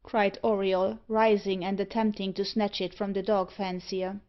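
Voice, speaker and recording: A woman reading a gothic novel aloud as an audiobook narrator, in a measured, steady way. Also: mid-range voice, muffled recording. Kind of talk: scripted narration.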